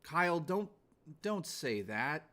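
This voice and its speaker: Animated, crude-joking male streamer. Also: fairly high pitch, slow pace. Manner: crude, profane joking, rambling. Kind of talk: casual livestream chat. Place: at home.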